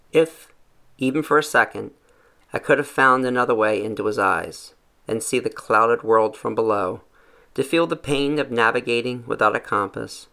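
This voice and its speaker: A man reads a first-person story aloud, steady and reflective, letting the sentences settle. His voice has a crackly, gravelly texture and a clear, bright edge. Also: medium pitch. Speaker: narrator.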